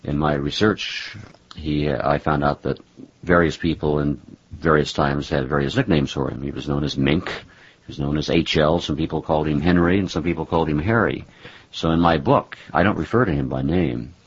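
A man with a very deep, husky voice interviews a guest, hesitating often with fillers. He speaks in a relaxed, slightly wry way. The recording sounds dull and lo-fi. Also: moderate pace. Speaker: interviewer and author. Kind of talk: conversational interview.

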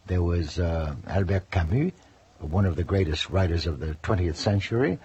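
An older man with a very husky, breathy voice and a fairly low pitch tells his stories in an interview. He acts out the quotes as he goes. The recording is dull and lo-fi, like an old radio broadcast. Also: normal speed. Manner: lively anecdotes with acted-out quotes. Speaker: interview guest, former news correspondent. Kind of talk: storytelling interview.

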